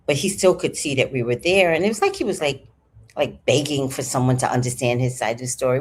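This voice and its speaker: Husky low-voiced woman in her fifties. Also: fairly quick. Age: 50s. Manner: animated, swears freely, chatty asides. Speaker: vlogger. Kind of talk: casual storytelling to camera.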